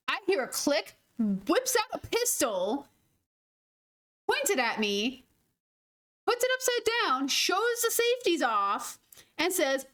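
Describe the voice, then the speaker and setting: This young gaming streamer has a high-pitched, fairly bright voice and sounds very animated, though her pace stays moderate. Between moments of gameplay she tells casual stories, laughing often and letting the occasional swear word slip.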